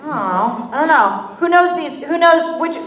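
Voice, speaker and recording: Woman, high and lively panel joker; echoey, far-off hall sound. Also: unhurried, some chatter behind, a little hiss or hum. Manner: animated, joking, swears casually. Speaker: actor on a convention panel. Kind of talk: convention panel Q&A. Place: convention hall.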